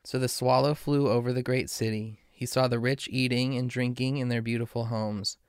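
A man reading a fairy tale aloud in a slow, measured way. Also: mid-range voice, fairly even intonation, clear, resonant tone, no room sound, clean studio sound. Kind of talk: storybook reading.

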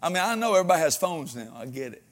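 A pastor preaches with folksy humor and frequent amens, his fairly high voice very animated and very fast. He swings between loud exhortation and quiet asides.

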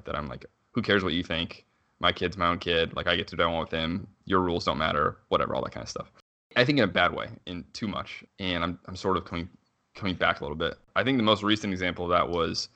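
A man in his thirties tells a story in easy, casual conversation. His voice sits very low but moves quickly, with a bright, forward edge, and he meanders through fillers and restarts as he goes. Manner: rambling, frequent "like" fillers and self-restarts, quick laughs. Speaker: father telling a story.

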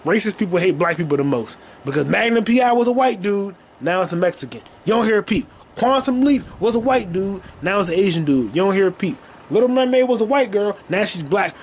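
A man in his twenties hosting a solo comedy podcast from his childhood bedroom, rambling and profane, now and then breaking into loud shouting. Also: high voice, lively intonation, a little fast, hardly any pauses, slight background noise. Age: 20s. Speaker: podcast host.

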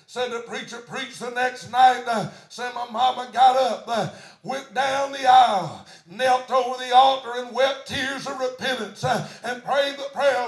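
A pastor with a very high voice tells a story from the pulpit. He shouts his refrains and peppers his sentences with "uh". His voice rings out through a roomy, echoing church. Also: a little slow. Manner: animated preaching, shouting refrains, many "uh" fillers. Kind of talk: storytelling sermon.

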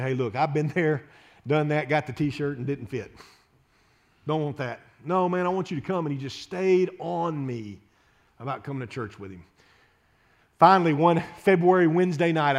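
A man, preaching an impassioned, pleading sermon full of repeated phrases and restarts. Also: mid-range voice. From Louisiana, USA. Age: 30s. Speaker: pastor.

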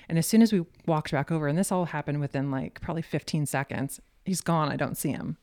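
A woman telling a hunting story in a casual, animated way, full of fillers. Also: deep voice. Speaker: podcast guest.

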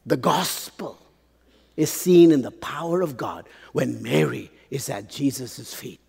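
Gravelly slow-preaching man in a reverberant hall. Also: mid-range voice, lively intonation, darkish tone. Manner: dramatic pauses, rhetorical questions to the congregation. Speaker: pastor. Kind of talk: sermon. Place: large church hall.

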